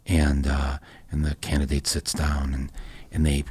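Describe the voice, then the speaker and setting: A man's voice: extremely low pitch, monotone, unhurried, darkish tone, slight background noise. A man in his sixties hosting a podcast, telling stories in a rambling casual way with many restarts and jokey asides. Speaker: podcast host. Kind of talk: casual conversation.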